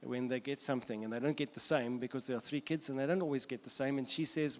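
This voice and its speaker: A man's voice: medium pitch, steady tone, fast. A man with a South African accent, a pastor preaching an earnest sermon who repeats phrases for emphasis. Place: church auditorium. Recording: long church hall reverb.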